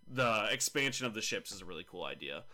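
A man's voice: fairly low pitch, very animated, quick pace, sharp tone. A man hosting a casual podcast about tabletop games, chatty and jokey, teasing his co-hosts. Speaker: podcast host.

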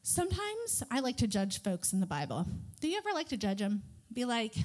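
A woman giving a devotional Bible lesson, reading scripture aloud in an animated, playful way. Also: on the high side, a little fast. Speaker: Bible teacher.

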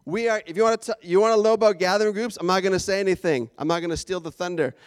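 Canadian pastor guy, high voice, jokey sermon, dry sound. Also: very fast, clear, resonant tone, dry recording. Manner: animated, jokey, playful asides.

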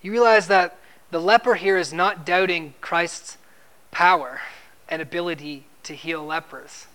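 A man's voice: high voice, fairly even intonation, unhurried, pushed and bright, clear, resonant tone. A man preaching an expository sermon in a conversational way, asking his listeners questions and repeating words when he stresses a point.

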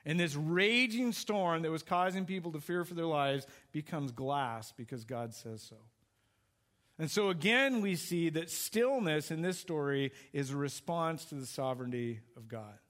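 A man's voice: a little high, fairly bright tone. A middle-aged man preaching a sermon as pastor, conversational and full of questions to the congregation.

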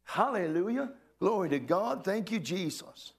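A man's voice: sits high, lively intonation, unhurried, vocal fry, slightly rough. A male pastor preaching a sermon to a congregation, calling out questions and exclamations. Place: church hall with a congregation.

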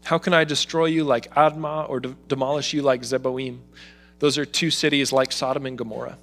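A man's voice: medium pitch, a little fast, faint music behind. A man preaching a sermon, talking with feeling and putting heartfelt pleading into the words he gives to God. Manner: expressive, voices God's pleading in emotional asides. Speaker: pastor.

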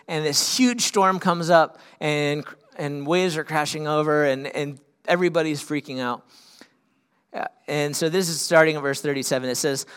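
A male pastor delivering a sermon in a slightly raised voice. He climbs to loud, urgent peaks and then sinks into quiet, earnest stretches. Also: fairly high pitch, smooth.

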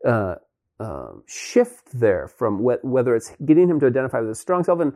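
A man's voice: mid-range voice, lively intonation, moderate pace, darkish tone. A man hosting a conversation, earnestly explaining his point with an example and many casual fillers. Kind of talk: conversational talk.

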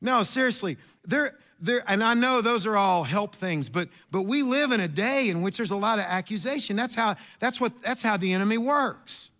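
A middle-aged man, preaching a sermon in an animated, storytelling way with asides and repeats. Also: high voice, moderate pace, hardly any pauses. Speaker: pastor.

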